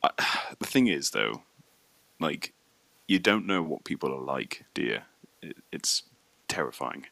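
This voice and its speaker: Deep, dry-voiced man. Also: sing-song, unhurried, vocal fry, bright, forceful tone, no echo, rough recording. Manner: hesitant, self-deprecating, with many restarts. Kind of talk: casual anecdote.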